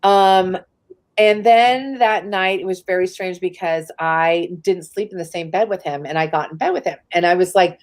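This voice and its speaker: In a fairly low voice at a moderate pace, a woman from the San Francisco Bay Area recounts a personal story as a guest in a live interview. She's casual and candid, frequently saying "like" and swearing without restraint.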